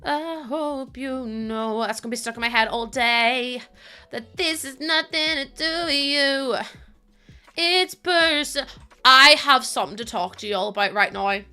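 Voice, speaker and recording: A woman's voice: sits high, measured pace, bright, forceful tone, clean tone, faint music behind. A young woman streaming a game, chatting casually with her chat, thanking viewers and laughing often.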